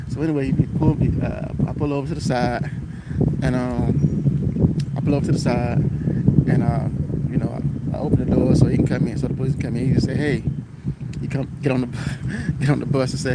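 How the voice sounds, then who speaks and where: A man in the middle of his pitch range tells a story on a live stream. He repeats himself and breaks off to greet viewers as they join. Road and vehicle noise run clearly behind him. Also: fairly even intonation, fairly quick. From Florida, United States. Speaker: transit bus driver.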